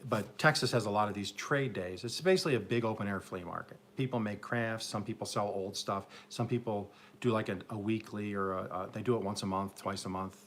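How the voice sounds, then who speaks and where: Upstate New York man, lowish voice, rambling self-mocking live-stream host, faint outdoor hum behind. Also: brisk, few pauses. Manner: rambling, self-mocking, joking with chat viewers. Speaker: garden channel host. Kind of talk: live-stream casual chat. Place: home garden, Oklahoma.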